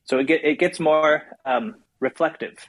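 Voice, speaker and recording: A man's voice: a little high, moderate pace, low-quality recording. A man with a nasal voice who talks about poems with hesitant, thoughtful fillers and then reads one aloud. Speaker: poetry discussion co-host. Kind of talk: casual discussion and poetry reading.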